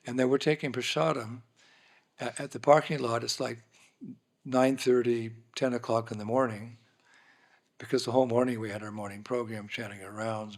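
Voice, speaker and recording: Male guest speaker, gravelly voice, animated storyteller who acts out the dialogue. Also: mid-range voice. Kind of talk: anecdotal storytelling talk. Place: dinner hall, indoors.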